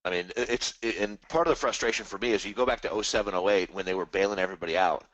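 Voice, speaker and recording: Casual live-stream host, male, low voice, rambling and animated, dry close mic. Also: very fast, dry recording. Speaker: trading webinar host.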